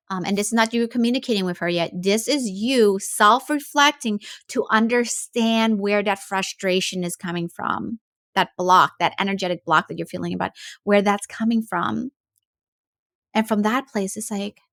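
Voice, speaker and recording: A woman's voice: mid-range voice, normal speed, fairly bright tone, no room sound, clean studio sound. A woman life coach speaking in a casual, reflective way, with frequent fillers and restarts as she thinks aloud. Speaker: life coach, podcast host.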